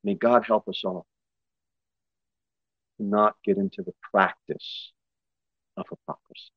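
A male pastor preaching a sermon, his voice jumping high and loud for emphasis before dropping back low. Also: steady tone, unhurried, breathy edge, dry recording, lo-fi sound. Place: church.

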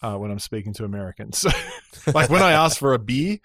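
A man with an Australian accent, a podcast guest telling stories in an animated way, acting out voices and laughing often. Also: mid-range voice, a little fast, no echo, studio quality. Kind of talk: casual interview chat.

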